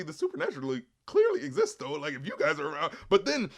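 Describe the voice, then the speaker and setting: A man co-hosting a casual movie review chat, talking excitedly and profanely and acting out quotes from the film. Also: on the high side, quick pace, gravelly, few pauses. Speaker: co-host of a film review show. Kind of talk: casual spoilery movie discussion.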